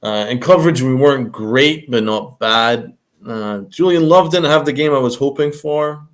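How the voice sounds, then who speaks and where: A man's voice: medium pitch, normal speed. A young man co-hosting a casual sports post-game show, hesitant, with lots of ums, putting questions to his co-host. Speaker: podcast co-host.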